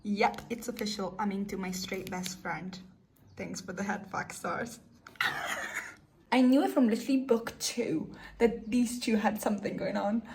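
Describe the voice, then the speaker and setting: A young woman from Italy chatting in a casual reading vlog, with animated, swearing, ranting reactions to the story. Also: medium pitch, a little slow, vocal fry, slight background noise. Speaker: book vlogger.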